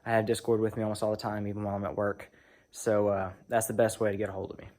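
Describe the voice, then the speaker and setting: A young man with a twang talks in a low, easygoing voice. He rambles casually through his workshop vlog, trailing off and filling gaps with hesitant ums and uhs. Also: flat delivery, rapid-fire, dark tone. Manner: rambling, offhand, hesitant with fillers. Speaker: knife-making YouTuber.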